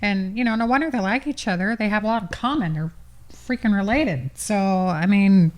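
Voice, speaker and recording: Woman, mid-pitched voice, co-host, casual chat, joking and wry. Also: normal speed.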